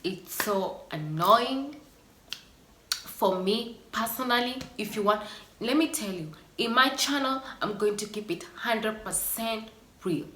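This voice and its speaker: An earnest, emotional woman vlogging straight to her viewers, with sighs between her thoughts. Her voice is bright and forceful and rings in an echoey room. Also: on the high side, lively intonation, takes it slowly, slight background noise. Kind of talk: personal vlog monologue.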